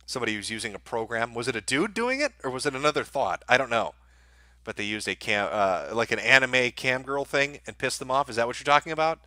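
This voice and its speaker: A man's voice: medium pitch, expressive, fast talker, sharp tone, dry recording, clean studio sound. A man hosting a livestream, reading viewer donations and answering them in sardonic, profane commentary. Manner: sardonic, blunt, swears freely.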